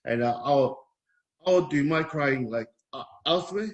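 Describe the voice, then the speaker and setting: Hesitant soft-spoken Polynesian man. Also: fairly high pitch, unhurried, dull audio. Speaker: guest. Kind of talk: candid personal conversation.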